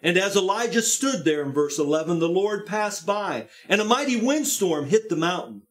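A man with a high-pitched voice delivers a sermon in a church service. He reads scripture aloud and gives the speakers rising, emphatic voices. Later he leads an earnest prayer in a softer, lower tone. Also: sing-song, moderate pace. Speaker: pastor. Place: church sanctuary, live-streamed service.

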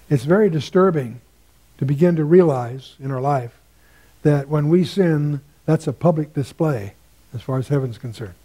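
An older man leads a Bible study lecture, wandering into asides. His voice sits a bit high but sounds mellow and warm. He lifts his tone when he quotes scripture. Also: moderate pace. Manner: musing, digressive, quotes scripture in a lifted voice. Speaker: Bible teacher.

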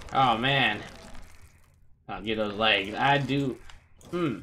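A man's voice: on the low side, slow pace, pauses often, pushed and bright, a little hiss or hum. A man hosting a casual let's-play, joking and talking to the characters on screen as he plays. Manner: playful, jokey, talks to game characters. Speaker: gaming video host.

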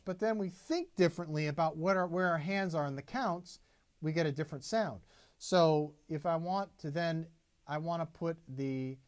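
A man teaching a drum lesson, patiently explaining and counting beats aloud as he plays. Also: a little high. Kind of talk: instructional demonstration.

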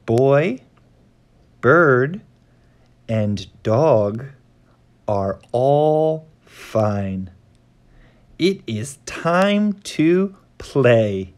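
A man reading a simple children's story aloud for English learners, in a clear and expressive way. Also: mid-range voice, drawn-out words, pauses often. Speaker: host of an English learning channel.

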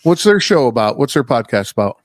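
A man hosting a podcast in casual chat, a loud, animated storyteller who swears freely. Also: medium pitch, a little fast, no echo, studio quality. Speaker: podcast host.

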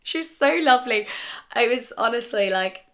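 A woman from England chatting casually in a sewing vlog, telling stories in an animated way with lots of asides. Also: on the high side, moderate pace. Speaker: sewing vlogger.

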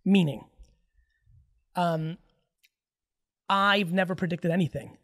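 A man in his forties, a podcast guest, talking in a casual, emphatic and profane way with rapid-fire stories. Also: high voice, fairly even intonation, fairly bright tone. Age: 40s.

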